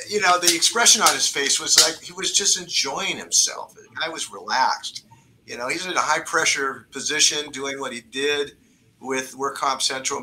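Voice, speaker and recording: A man on a video call, telling a relaxed anecdote full of fillers. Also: medium pitch, slight background noise, poor audio. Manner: relaxed, filler-heavy storytelling. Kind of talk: casual anecdote.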